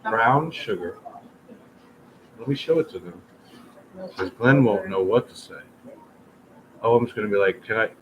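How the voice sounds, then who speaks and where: A man's voice: lowish voice, lively intonation, measured pace, long pauses, highs cut off. A man hosting a casual livestream, talking in a rambling, chatty way straight to his viewers. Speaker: livestream host. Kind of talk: casual chat. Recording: noisy room ambience.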